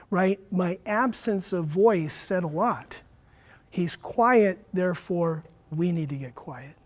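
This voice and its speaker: A man running a teacher training workshop, talking straight to his audience in a lively way. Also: high voice, normal speed. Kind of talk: workshop lecture.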